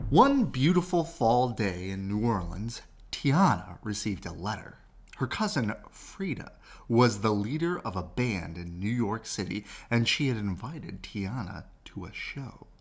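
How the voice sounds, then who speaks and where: A man reads a children's picture book aloud at an unhurried pace. His voice climbs and dips in a lively sing-song. He sounds like a bedtime story reader. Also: fairly low pitch, husky. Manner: slow, expressive, sing-song rises and falls.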